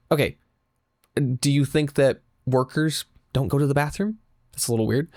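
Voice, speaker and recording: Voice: medium pitch, normal speed, long pauses, darkish tone, dry recording, clean studio sound. A young adult in their twenties reading online stories aloud and breaking off for sarcastic asides. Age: 20s. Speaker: storytelling channel host.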